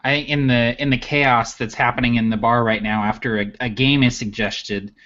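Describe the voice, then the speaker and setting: A man's voice: medium pitch, steady tone, normal speed, fairly bright tone. A man describing his character's actions in a tabletop game, hesitant, with many fillers, on a muffled recording. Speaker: player.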